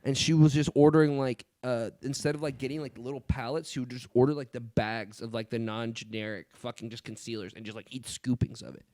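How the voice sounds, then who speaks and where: A man co-hosting a podcast in casual, profane chat, telling stories with lively put-on quotes. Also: mid-range voice, a little fast, few pauses, no room sound. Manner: profane, animated storyteller who puts on quoted voices. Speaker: podcast co-host.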